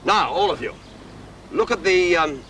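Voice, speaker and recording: A man's voice: high-pitched, animated, a little slow, sharp tone, slight background noise, heavily acted. An actor playing a suave, menacing male villain in a 1970s TV drama, theatrical and commanding. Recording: distant archive TV audio with music.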